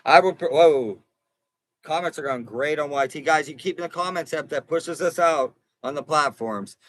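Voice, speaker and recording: A man's voice: a little high, normal speed, fairly bright tone, poor audio. A man hosting a casual livestream from inside an RV, talking earnestly to viewers in a rambling way, repeating and restarting phrases. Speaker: livestream host and consumer advocate.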